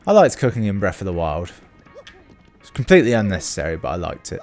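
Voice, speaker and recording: Let's-play host, male, animated delivery, soft game music behind. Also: low voice, fast talker. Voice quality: animated, playful character reading. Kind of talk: reading game dialogue aloud with commentary.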